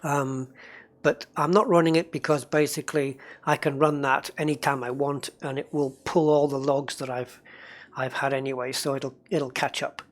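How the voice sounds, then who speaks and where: A game livestreamer rambles casually while playing, chatting with viewers and reading and replying to their messages. The voice sits at medium pitch with little pitch movement and a normal speed.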